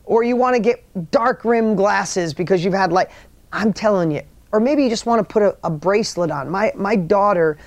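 A man's voice: sits high, normal speed, dry recording. A middle-aged man giving a motivational talk, earnest and rambling, often restarting his sentences. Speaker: motivational speaker.

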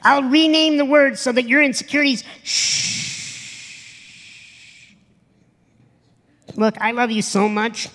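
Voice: high voice, brisk, hardly any pauses, fairly bright tone, long reverb tail. A motivational speaker giving a live stage talk to an audience, blunt and profane, emphatic, acting out quoted voices.

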